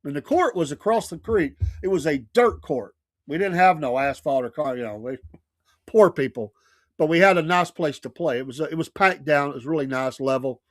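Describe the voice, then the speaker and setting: A man's voice: a little high, normal speed, no echo, clean studio sound. A middle-aged man hosting a radio show, telling neighborhood stories in a casual way and laughing often. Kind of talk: casual storytelling chat.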